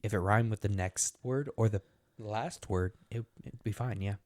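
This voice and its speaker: Young man, lowish voice, podcast co-host, blunt, teasing. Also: normal speed, darkish tone, no echo, studio quality. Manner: blunt, teasing, short replies. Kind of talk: casual podcast chat.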